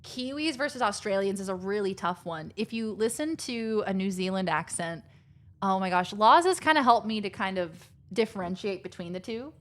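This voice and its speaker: A talkative woman on a live game stream, chatting loosely and chaining thoughts together with "like" and "um". She speaks at an ordinary middle pitch for a woman and never sounds scripted or stiff. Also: lively intonation, normal speed. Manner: chatty, rambling, lots of "like". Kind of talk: casual live-stream chat.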